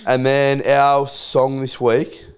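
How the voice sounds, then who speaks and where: A man's voice: mid-range voice, monotone, slow, smooth. Young man, joking co-host, crude banter. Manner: joking, swearing, laughs at own jokes. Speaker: podcast co-host. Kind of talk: casual banter.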